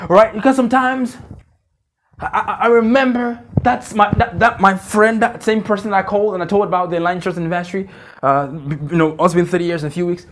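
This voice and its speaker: A man's voice: sits high, steady tone, brisk, a little hiss or hum. A male pastor preaching a conversational sermon at a church conference, repeating phrases and checking in with the congregation.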